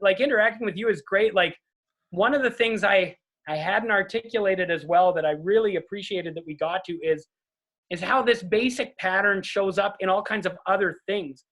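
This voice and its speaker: A man's voice: high voice, normal speed, fairly bright tone. A man speaking as a guest in a casual conversation over a video call, earnest and often checking in with "right?".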